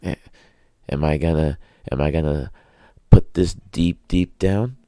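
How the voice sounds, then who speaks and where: A man's voice: extremely low pitch, a little slow, warm tone, no echo, studio quality. A man hosting his own podcast, ranting sarcastically and answering his own questions. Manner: sarcastic, asks himself questions and answers them. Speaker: podcast host. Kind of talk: casual ranting monologue.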